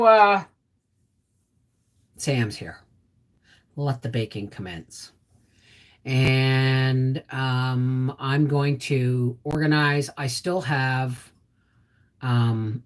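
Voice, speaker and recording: A woman's voice: extremely low pitch, fairly bright tone. A middle-aged woman hosting a casual homestead live stream, chatting with viewers and reading out their names. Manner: chatty, reads out viewer names, gets emotional. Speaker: homestead channel host.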